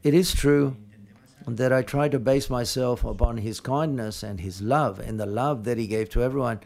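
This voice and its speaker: Man, mid-pitched voice, press conference answers, halting, frequent restarts. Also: vocal fry, a little mellow.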